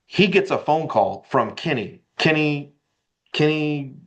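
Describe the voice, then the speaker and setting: Animated man telling a story. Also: fairly high pitch, slow pace. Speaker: guest. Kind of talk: casual storytelling interview.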